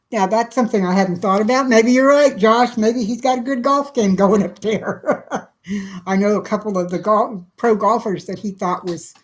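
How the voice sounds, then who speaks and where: A middle-aged woman from Texas chatting on a livestream, answering viewers by name in a soft, emotional way. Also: medium pitch, rough recording. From South Central Texas. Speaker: livestream host. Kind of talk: casual livestream chat reading viewer comments.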